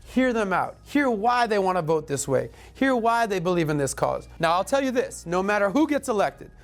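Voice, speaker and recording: A man's voice: sits high, big pitch swings, normal speed. Blunt, punchy man urging viewers on. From Florida. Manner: emphatic, punchy, repeats calls to action; blunt and crude, casual swearing. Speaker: show host. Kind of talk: direct-to-camera political commentary.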